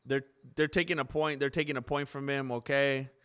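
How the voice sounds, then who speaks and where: A young man hosting a live stream, joking and reacting excitably as he comments on fights. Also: mid-range voice, a little fast, smooth. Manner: excitable, joking, laughs often.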